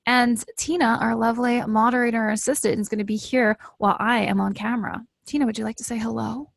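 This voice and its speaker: A woman hosting a live webinar, pitching with upbeat, hyped energy and talking straight to her viewers. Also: fairly even intonation, quick pace, gravelly, dry recording. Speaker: webinar host.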